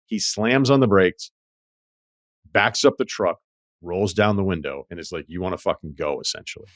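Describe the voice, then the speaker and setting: A man's voice: lowish voice, expressive, moderate pace, no echo, clean studio sound. A man hosting a podcast, telling stories in a wry, profane, casual way. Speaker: podcast host. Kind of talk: casual chat.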